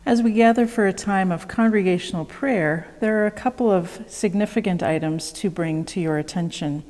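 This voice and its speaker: A woman, a worship leader giving church announcements and leading prayer in a calm, measured way. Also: medium pitch, in a large hall. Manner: calm, measured, reads prayer responses slowly.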